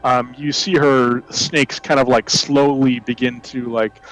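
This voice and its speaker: A man's voice: mid-range voice, little pitch movement, measured pace, fairly bright tone, poor audio. A man narrating a tabletop game as game master in a loose style full of fillers.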